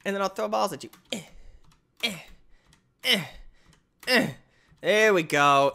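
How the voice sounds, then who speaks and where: A man narrates his gameplay in an excitable rush, his pitch leaping all over the place. His voice is bright and keen, and he yelps and trash-talks as he plays. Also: a little slow, creaky, pauses often. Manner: excitable, yelps and exclaims loudly. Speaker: gamer.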